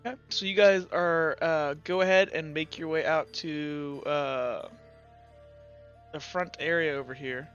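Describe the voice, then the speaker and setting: A man's voice: a little high, steady tone, unhurried, a bit bright, soft background music. A man narrating a tabletop game as game master in a casual, rambling way, laughing easily, in a slightly muffled recording.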